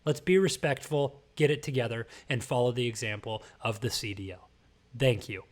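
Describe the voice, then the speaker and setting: A man's voice: mid-range voice, moderate pace. A man hosting a podcast, delivering an emphatic, lecturing rant in casual commentary style. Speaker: podcast host.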